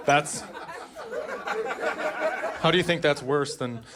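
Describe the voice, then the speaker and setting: A man doing stand-up comedy on stage, profane and sardonic, with dry deadpan asides. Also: on the high side, extremely slow, a loud crowd. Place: comedy stage before a live audience. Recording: live audience laughter throughout.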